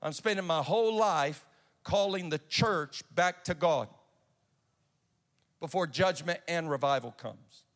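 A man preaching in a church with a gravelly, slightly raised voice. He tells his story earnestly and stumbles over his own restarts. A long echo rings off the hall around him. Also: fairly high pitch, a little slow, long pauses, fairly bright tone. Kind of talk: sermon with personal storytelling. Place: church sanctuary.

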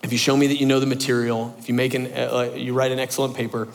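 A man voicing a stern female college professor in a flat, firm, measured way while telling a story in an echoey hall. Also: medium pitch, gravelly, voice pushed down, natural voice. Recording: echoey hall with long reverb.

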